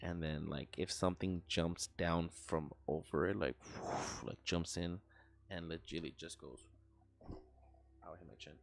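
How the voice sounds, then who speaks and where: A man's voice: low-pitched, fairly even intonation, a little slow, creaky. A young man streaming live, telling a story in a rambling, profane way, full of fillers and sound effects.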